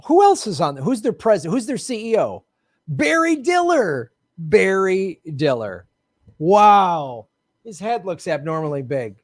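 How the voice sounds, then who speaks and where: A man's voice: high-pitched, moderate pace, dry recording, studio quality. A man hosting an online political commentary show, talking bluntly and sarcastically and swearing often. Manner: sarcastic and animated.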